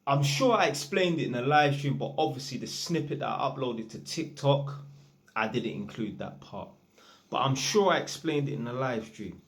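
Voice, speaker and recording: A man's voice: medium pitch, animated, moderate pace. A man, an electrician, telling a work story in a chatty, rambling, slang-heavy way. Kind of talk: casual storytime monologue.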